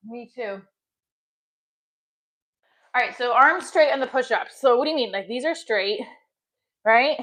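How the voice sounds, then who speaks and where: Slow, chatty woman working out on a livestream. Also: mid-range voice, fairly bright tone. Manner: chatty, talks while exercising, with small effortful grunts. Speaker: livestream host. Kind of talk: casual livestream chat.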